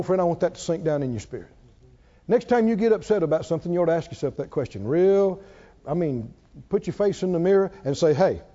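A man preaching a sermon in a folksy, animated way, asking the congregation questions as he goes. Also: high-pitched. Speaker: pastor. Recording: dull lo-fi recording.

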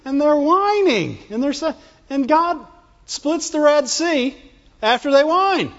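A man with a fairly high voice preaches a lively sermon, slipping into whiny put-on voices as he acts out his point. The sound is a bit dull and carries the long reverb of a big hall. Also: takes it slowly. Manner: animated, acts out whining voices, laughs often. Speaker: pastor.

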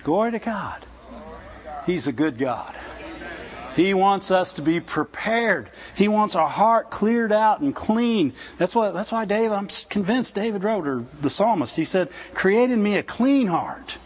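A man preaching in a loose, chatty way, with a high, light voice. He keeps checking in with his listeners through quick rhetorical questions. The sound is a little dull and lo-fi. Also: big pitch swings, slightly rough. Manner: conversational, folksy, with laughs and rhetorical questions. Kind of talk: sermon. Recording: dull lo-fi recording.

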